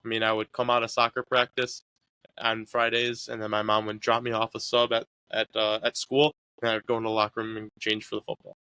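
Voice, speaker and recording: A man's voice: on the low side, completely flat delivery, brisk, sharp tone, smooth, dry recording. A young man being interviewed about his sports years, talking in an easygoing, rambling way with lots of fillers. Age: young adult. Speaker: guest, college soccer player. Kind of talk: casual interview talk.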